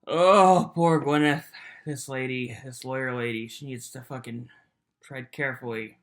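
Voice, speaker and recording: A video commentator reacting to courtroom footage in an animated rant full of swearing. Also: mid-range voice, measured pace.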